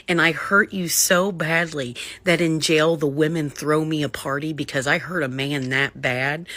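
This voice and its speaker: A woman with a low voice speaks to camera intensely. Her delivery is defiant and threatening. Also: a bit bright. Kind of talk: angry monologue to camera.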